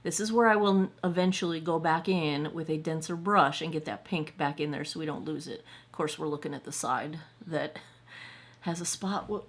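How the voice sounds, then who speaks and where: Brief: woman, lowish voice, chatty tutorial host explaining as she works, asks viewers if it makes sense. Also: normal speed. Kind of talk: casual step-by-step tutorial.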